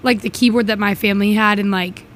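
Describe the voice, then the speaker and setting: A young woman co-hosting a college radio show, easygoing and quick to laugh in casual chat. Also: medium pitch, steady tone, slight background noise. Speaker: radio co-host. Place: radio studio.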